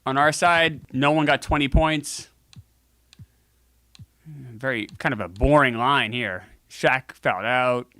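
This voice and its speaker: A man's voice: medium pitch, slow pace, long pauses, sharp tone, dry recording. A man hosting a casual video game playthrough, joking with viewers and cursing freely as he comments on the game. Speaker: gaming show host.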